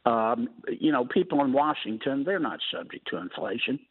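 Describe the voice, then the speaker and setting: A man's voice: medium pitch, expressive, normal speed, husky, no echo. A man, a senator guesting on a talk radio show, talking in a folksy, wry way with colorful sayings. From Louisiana. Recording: phone-line call-in.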